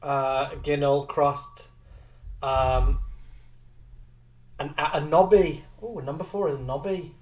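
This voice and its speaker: A man's voice: on the high side, recorded from a distance. Chatty man, slightly off-mic. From Liverpool. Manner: chatty, animated, quick to laugh. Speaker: co-host of a live chat show. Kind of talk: casual chat reading viewer comments.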